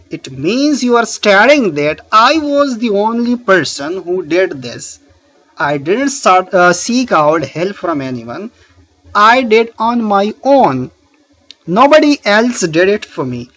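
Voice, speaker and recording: A man's voice: sits high, fairly bright tone. A man teaching a grammar lesson, patiently asking questions and answering them himself, with frequent "uh" fillers as he explains. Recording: slightly muffled lo-fi recording.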